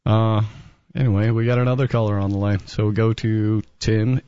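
A man's voice: on the low side, fairly even intonation, normal speed, clean tone, no echo, highs cut off. A male talk radio host, reasoning in an amused way as he takes callers.

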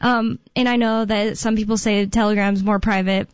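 A woman's voice: mid-range voice, fairly even intonation, moderate pace, no room sound. An American woman co-hosting a podcast, talking casually and rambling with lots of fillers and restarts. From United States. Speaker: podcast co-host. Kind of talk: casual chat. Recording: dull, dry lo-fi sound.

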